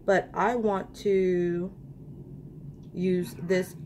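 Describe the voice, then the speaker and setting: A woman's voice: on the low side, fairly even intonation, very slow, dark tone, slight background noise. Chatty woman vlogger doing her makeup. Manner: chatty, ranting, talks to viewers directly. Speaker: beauty vlogger. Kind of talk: casual makeup tutorial chat.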